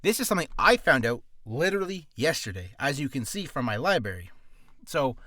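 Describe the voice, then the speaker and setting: A man's voice: medium pitch, very animated, a little fast, sharp tone, dry recording, clean studio sound. A man in a casual vlog, rambling in a goofy way and often cutting himself off mid-sentence. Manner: goofy, rambling, self-interrupting. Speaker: voice actor vlogger. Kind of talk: casual screen-share vlog.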